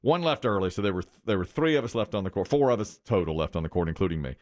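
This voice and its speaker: Man telling a story with wide pitch swings. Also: rapid-fire, no echo, clean studio sound. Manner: animated, self-mocking storytelling with quoted voices. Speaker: radio morning show host. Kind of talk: casual storytelling chat. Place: radio studio.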